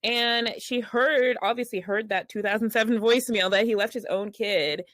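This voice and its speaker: A woman's voice: on the high side, normal speed, fairly bright tone, no room sound. Blunt, sarcastic young woman, dry close sound. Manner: blunt, sarcastic, laughs often. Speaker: podcast co-host. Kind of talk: casual gossip chat.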